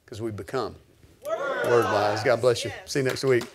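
A man pastor preaching a sermon, emphatic and at times near-shouting. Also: mid-range voice, steady tone, fast talker, heavy background noise.

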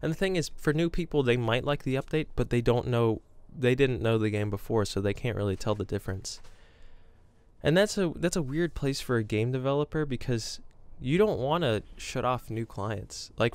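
Young man rambling to camera, smooth dry voice. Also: mid-range voice, expressive, normal speed, a little mellow, no room sound. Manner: rambling, self-deprecating storytelling. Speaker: gaming vlogger. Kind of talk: casual chat to camera. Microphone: camera with green screen.

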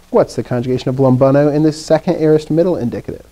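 Man, teacher, mellow warm voice, classroom lesson, recites drills, chatty explaining with fillers. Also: a little high, fast, few pauses.

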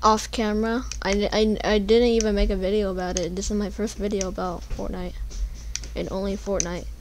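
A young woman giving casual gameplay commentary, panicking and pleading, then yelling at the game. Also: medium pitch, level tone, normal speed, a little hiss or hum. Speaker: gamer.

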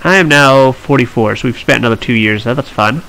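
A man's voice: mid-range voice, brisk, a bit bright, low-quality recording. A man hosting a strategy game let's play, chatting and thinking aloud with wry asides. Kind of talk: strategy gameplay commentary.

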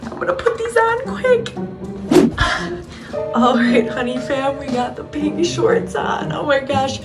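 A bubbly young woman talks straight to her viewers in an eager, chatty rush. Her voice sits a little high, and music plays clearly underneath her. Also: sing-song, slow pace. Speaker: vlogger host. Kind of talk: casual talk to camera. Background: background music.

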